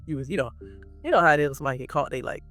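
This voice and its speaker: A young man telling a story to his viewers in a casual, animated way, acting out what people said. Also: fairly high pitch, racing, soft background music. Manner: animated, acts out quotes, talks straight to viewers. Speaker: vlogger.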